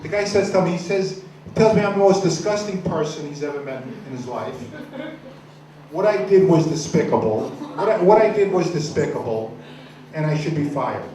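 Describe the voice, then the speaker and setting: A man doing a stand-up comedy set, telling crude stories in a rambling, deadpan way with many restarts. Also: fairly high pitch, moderate pace. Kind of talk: stand-up set at an open mic. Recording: echoey room, far from the mic, noisy.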